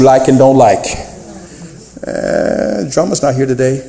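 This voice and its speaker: A man preaching a sermon as pastor, animated, calling out to the congregation and half-singing some phrases. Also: medium pitch, slow, vocal fry, noisy background. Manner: animated preaching with call-and-response and sung phrases. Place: church sanctuary. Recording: echoey church room.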